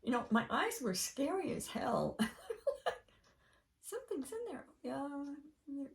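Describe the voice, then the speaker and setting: An older woman hosting a casual chat, telling a rambling, animated story with laughing asides. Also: high voice, takes it slowly, vocal fry. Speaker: podcast host. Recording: voice a bit far from mic.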